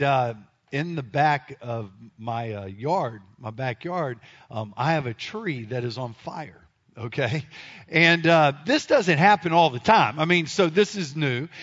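A man, telling a self-deprecating story to an audience in an animated, comic way. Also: mid-range voice. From Memphis area, United States. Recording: dull lo-fi sound.

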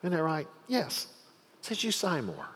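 A middle-aged man preaching a sermon in a conversational style, with soft asides and emphatic repetition. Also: fairly high pitch, wildly swooping pitch, a little slow, slightly rough, in a large hall. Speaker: pastor.

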